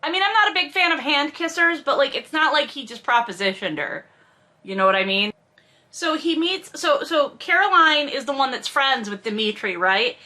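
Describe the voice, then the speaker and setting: A woman with a bright, clear voice reads passages from a novel and then stops to pick them apart. Her asides are dry and sarcastic, delivered in an unhurried, conversational way. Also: high-pitched, expressive. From from a Russian family. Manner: sarcastic, wry asides between read passages. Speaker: podcast host reading and critiquing a novel. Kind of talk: casual reading with commentary.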